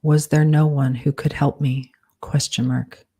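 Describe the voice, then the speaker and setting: A woman with a low, mellow voice dictates her novel at an unhurried pace. She reads out every punctuation mark in a flat, even tone. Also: slightly rough. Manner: speaks punctuation marks aloud, measured and deliberate. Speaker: author.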